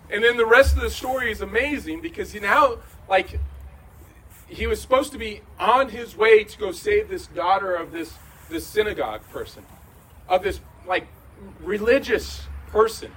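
A man preaching a conversational sermon in a large room, going from hushed to shouting. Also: high voice, animated, unhurried, slightly rough, recorded from a distance, low-quality recording. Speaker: pastor.

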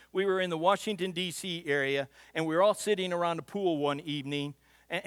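A pastor preaches a sermon as a folksy storyteller, building loud for punchlines and often repeating the first word when starting a phrase. His voice is high-pitched, recorded in studio quality with long hall reverb.

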